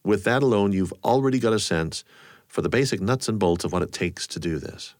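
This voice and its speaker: A man with a fairly low voice hosts the show, narrating from a script and putting questions to his guest. He sounds amused and chuckles easily. The recording is dry and close. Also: animated, brisk, darkish tone, dry recording. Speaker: radio show host.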